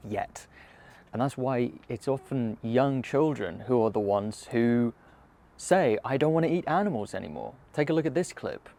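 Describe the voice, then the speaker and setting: A man with a mid-range, gravelly voice hosts a reaction commentary. He speaks in an earnest, measured way and leans on key words for emphasis. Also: mid-range voice, a little mellow. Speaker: host.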